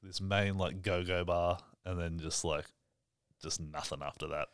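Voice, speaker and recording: A man with a very low, deep voice, dropping dry, quick quips laced with swearing. The recording is close and dry. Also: steady tone, dry recording. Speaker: comedian guest. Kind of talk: casual drunk chat.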